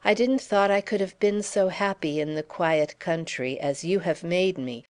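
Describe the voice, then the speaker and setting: A woman's voice: on the low side, normal speed, close to an everyday voice. A woman reading as a theatrical young Frenchman, grand and mocking in manner, in an audiobook.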